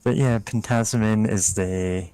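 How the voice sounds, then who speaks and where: A man with a fairly low voice talks slowly and evenly while playing a game with friends. He walks through game details in a relaxed, dry, humorous way. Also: smooth, low-quality recording. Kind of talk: casual gaming chat.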